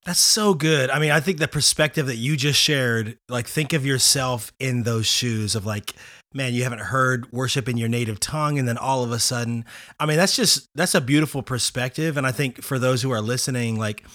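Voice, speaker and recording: A man hosts a podcast interview in a bright, forward voice. He is enthusiastic, reacting with "wow" and "man" as he talks. His sound is dry and close, with no room around it. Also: mid-range voice, moderate pace, no room sound. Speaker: podcast host. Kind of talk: casual interview chat.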